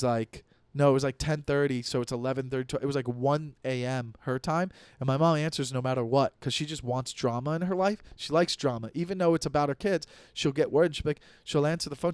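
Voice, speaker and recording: A man's voice: on the high side, smooth, no echo. A man in his thirties, a comedian hosting his own podcast, telling stories in a rambling, profane casual monologue full of restarts. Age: 30s.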